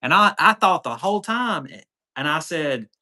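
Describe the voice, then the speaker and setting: A man's voice: on the high side, lively intonation, normal speed, sharp tone. A man, hosting a casual off-road livestream and telling a rambling story with lots of quoted dialogue. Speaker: off-road channel host.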